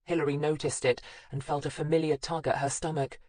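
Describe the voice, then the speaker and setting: A woman narrating a crime audiobook in a measured, even reading. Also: deep voice, no echo. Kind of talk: scripted narration.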